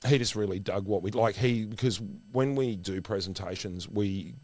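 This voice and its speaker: A middle-aged man co-hosting a podcast, telling anecdotes in an animated way. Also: fairly low pitch, normal speed, no room sound. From Australia. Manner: animated storyteller, acts out quoted voices. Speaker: podcast co-host. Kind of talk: casual chat, anecdotes.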